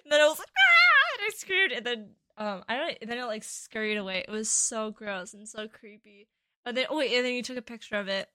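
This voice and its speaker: A young woman co-hosting a podcast in casual chat, giggly and quick to react. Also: on the high side, expressive, pushed and bright, dry recording, studio quality. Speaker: podcast co-host.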